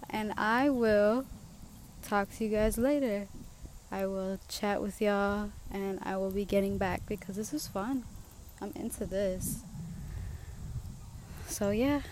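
A young woman speaks at an unhurried pace, reflective and heartfelt, with a warm, mellow tone. She records her podcast sitting outdoors on a swing among trees. Faint outdoor noise sits behind her voice. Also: mid-range voice, steady tone. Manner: reflective and heartfelt, with soft laughs. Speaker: podcast host. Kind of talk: casual personal podcast monologue.

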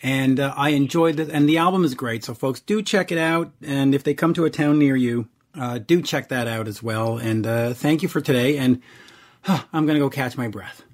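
A man's voice: mid-range voice, normal speed. A man hosting a rock interview show, chatting casually with many fillers and asides. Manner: chatty, rambling, with frequent fillers. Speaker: radio show host interviewing a band. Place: based in Montreal.

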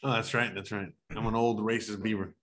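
A man streaming a game, chatting casually with loud, crude joking and plenty of swearing. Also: on the low side, flat delivery, brisk. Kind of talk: casual gaming chat.

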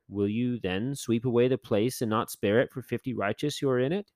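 A man's voice: medium pitch, moderate pace, hardly any pauses, no room sound. A man hosting a podcast, casually talking through Bible stories and acting out the characters in playful voices, with plenty of fillers and self-corrections. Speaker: podcast host.

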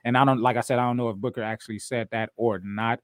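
Male podcast host, middle pitch, relaxed and jokey, dry room. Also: fast, no echo. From US West Coast. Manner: laid-back, joking, frequent laughs and restarts. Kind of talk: casual chat.

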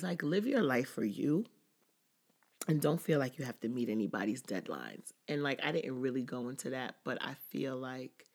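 Woman with a gravelly, fry-heavy voice. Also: very deep voice, darkish tone. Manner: candid, rambling, full of "like". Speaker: podcast host. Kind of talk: casual personal podcast chat.

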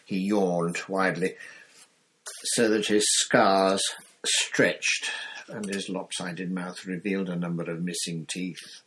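A man narrating a novel aloud in steady, scripted storytelling. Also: sits low, takes it slowly, husky, rough recording. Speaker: audiobook narrator.

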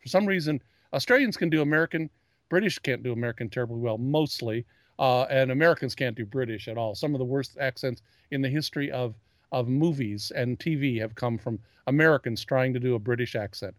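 A man co-hosting a loose pop-culture chat, who rambles and trips over his own restarts as he owns his geekiness. His voice sits at an ordinary middle pitch, and it is recorded close and dry, with no room sound around it. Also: a little fast, no echo. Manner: rambling, repeats words and restarts often; self-described geek. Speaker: podcast co-host. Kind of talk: casual chat.

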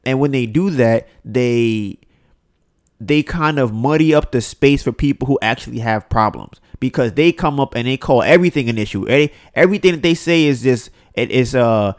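Man, podcast host, casual ranting monologue, animated, mid-pitched voice. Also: normal speed. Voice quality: animated, ranting, mimics others in quotes.

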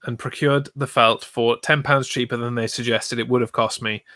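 A man's voice: medium pitch, steady tone, normal speed, bright, forceful tone, no room sound, studio quality. A man co-hosting a casual podcast, telling an aggrieved story with plenty of swearing. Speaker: podcast co-host. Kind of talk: casual chat.

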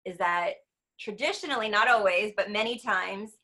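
A woman who teaches breathwork and meditation, talking in a casual conversation. Her voice is bright and forward, at an ordinary pitch for a woman. She rambles earnestly, with many likes and restarts. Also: moderate pace.

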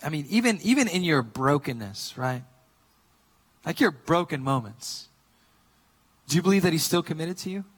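Male pastor, slightly higher voice, relaxed conversational sermon with lots of fillers, shifts from hushed to animated. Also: moderate pace, pauses often, slightly rough, in a large hall. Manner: casual, conversational storytelling with many fillers; swings between quiet earnest points and lively, loud retellings.

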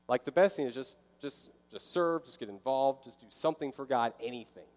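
A man's voice: medium pitch, fairly quick, a little mellow. A man preaching a sermon in a conversational way, sometimes acting out inner voices. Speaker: pastor. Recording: long hall reverb.

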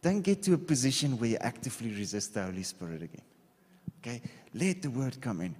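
A man's voice: mid-range voice, very animated, fast, a little mellow, breathy edge. Man preaching in a reverberant hall. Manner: conversational, repeats okay, drawing on a board. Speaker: pastor. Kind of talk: sermon. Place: church hall.

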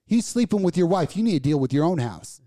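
Casual radio host, profane and ranting, mellow tone. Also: medium pitch, very animated, fast talker. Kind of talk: casual chat.

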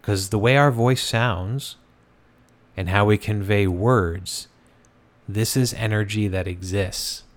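A man hosting a show, telling a ghost story in a relaxed, conversational way with frequent fillers and restarts. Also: on the low side, slow. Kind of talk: casual storytelling.

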